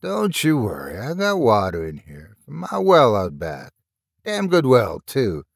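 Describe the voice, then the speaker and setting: A man voicing a sly rural woman with a cruel streak, who talks in a folksy, coaxing way and drops into a low, conspiratorial tone. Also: wildly swooping pitch, unhurried, gravelly, no room sound, clean studio sound, full character voice.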